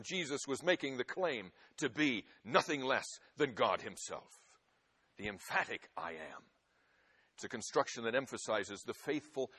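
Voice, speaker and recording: A man preaching a sermon, swinging from loud, forceful emphasis to hushed, quiet passages. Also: mid-range voice, breathy edge. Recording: long hall reverb.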